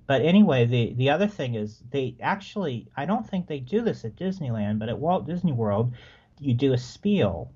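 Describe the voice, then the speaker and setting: Man, podcast guest, mellow dark voice, relaxed rambling storytelling, slightly muffled recording. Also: mid-range voice, husky. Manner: relaxed, rambling, frequent restarts. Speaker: podcast guest, former theme park worker. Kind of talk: casual storytelling.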